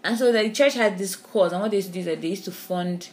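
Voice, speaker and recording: Animated Nigerian woman podcaster. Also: medium pitch, fast talker. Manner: animated, with frequent restarts and "do you understand?". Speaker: podcast co-host. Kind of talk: casual discussion.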